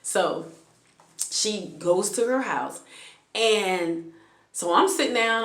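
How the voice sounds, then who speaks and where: A woman's voice: medium pitch, slow pace, pauses often, fairly bright tone, echoey room. A woman vlogger telling a personal story in a casual, conversational way, with frequent hesitations and restarts.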